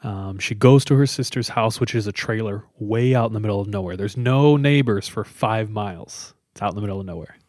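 Low-voiced man telling a spooky story. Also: brisk, few pauses, darkish tone, no echo, clean studio sound. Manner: conversational, loose with many fillers. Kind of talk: casual storytelling of a scary story.

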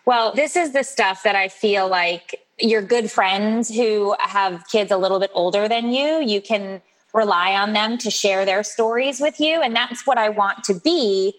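A woman's voice: medium pitch, a little slow, low-quality recording. A woman in her forties chats as an interview guest, spinning stories and slipping into playful voices for the people she quotes. Her voice sits in the middle range. She talks in a loose, conversational way. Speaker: guest author. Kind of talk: casual interview chat.

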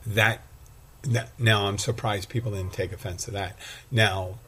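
A man's voice: fairly low pitch, steady tone, measured pace, fairly bright tone, slight background noise. A man hosting a casual solo podcast, rambling and self-deprecating as he talks. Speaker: podcast host and bartender.

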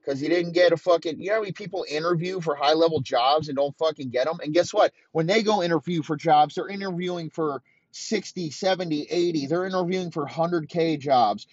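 A man in his thirties delivering a heated, profane comedic rant, talking in rapid-fire bursts. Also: on the high side, no room sound, highs cut off. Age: 30s.

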